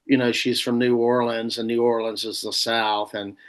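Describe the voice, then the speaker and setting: A man hosting a casual podcast chat, teasing his friend and pausing on drawn-out fillers. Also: medium pitch, little pitch movement. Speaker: podcast host.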